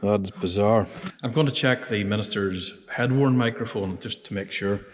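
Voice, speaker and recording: A man's voice: on the low side, moderate pace. A man working as an AV installer, talking through each step of tuning a sound system as he goes. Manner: methodical, explains each step as he works. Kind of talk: casual narrated work vlog. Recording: long hall reverb.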